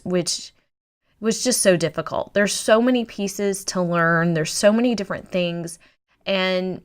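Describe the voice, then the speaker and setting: A woman's voice: fairly low pitch, a bit bright, clean tone. A woman who works as a digital learning coach, talking the viewer through her online training course in an upbeat, persuasive way. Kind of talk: promotional course presentation.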